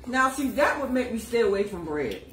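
A woman tasting food on her son's family cooking livestream, talking in a soft, murmuring way. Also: a little high, sing-song, brisk, echoey room, background noise. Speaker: host's mother tasting the food.

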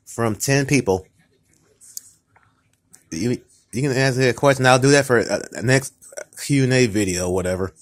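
A tired, upset man talking casually to camera in a vlog, halting and repetitive, often restarting his sentences. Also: medium pitch. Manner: upset, ranting tone. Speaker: vlogger. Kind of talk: casual mukbang vlog talk.

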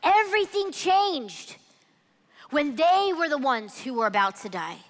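A woman preaching a sermon at a church event, telling the story in an animated, conversational way. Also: high-pitched, unhurried, in a large hall. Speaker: women's ministry speaker. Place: church event hall with audience.

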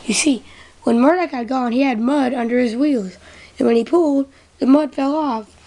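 A woman narrating a homemade train story in a slow, unpolished way with small restarts. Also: high-pitched, dark tone, rough recording.

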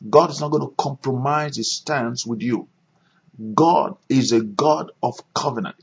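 A male pastor with a gravelly, husky voice leads prayer and a sermon. He hammers home his points by repeating them. The sound is dull and lo-fi, like a conference call recording. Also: medium pitch. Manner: emphatic, repeats phrases for stress.

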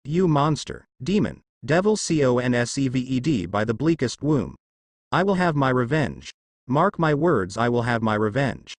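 A man's voice: mid-range voice, animated, moderate pace, no echo. A man voicing a treacherous adult male ninja who sneers and threatens revenge. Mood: vengeful. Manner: sneering, spiteful. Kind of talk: fan fiction narration.

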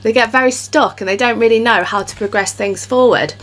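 A woman's voice: on the high side, brisk, fairly bright tone. Chatty woman doing a tarot reading. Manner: chatty, reassuring, repeats "okay?" and "you know". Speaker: tarot reader. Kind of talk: casual tarot reading to camera.

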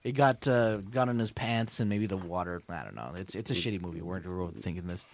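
A man's voice: low-pitched, animated, fast talker, no room sound. A man co-hosting a casual movie review, rambling through the plot with many fillers and restarts. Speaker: podcast co-host.

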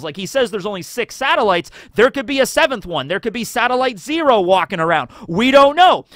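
Animated guy rambling through theory commentary, high-pitched, dry close mic. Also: fairly quick, few pauses, no echo. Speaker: anime theory video host. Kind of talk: casual commentary monologue.

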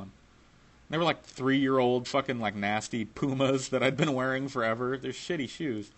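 A man's voice: mid-range voice, fairly quick. A man telling a personal story in a casual, profane way, laughing now and then.

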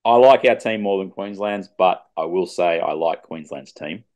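A man's voice: sits low, normal speed, darkish tone. A man co-hosting a rugby league podcast over a video call, chatting casually with laid-back, joking banter. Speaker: podcast co-host. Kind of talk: casual sports chat.

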